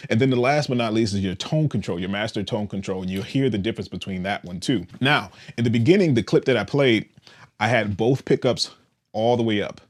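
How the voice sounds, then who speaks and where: A man casually demonstrating and explaining a bass guitar's controls, in a relaxed, explanatory way with frequent "all right" checks. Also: brisk. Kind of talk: casual instructional demo.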